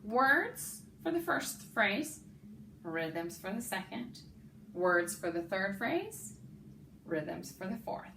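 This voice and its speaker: A woman music teacher giving an elementary music lesson, talking slowly and clearly and singing rhythm syllables. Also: medium pitch, sing-song, fairly bright tone. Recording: echoey room, faint background noise.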